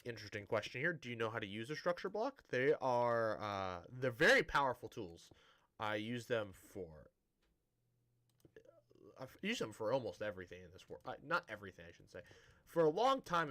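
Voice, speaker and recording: A man's voice: medium pitch, bright, forceful tone. A man streaming a building game, chatting casually to viewers in a rambling, self-interrupting way with a dry, sarcastic-sounding tone.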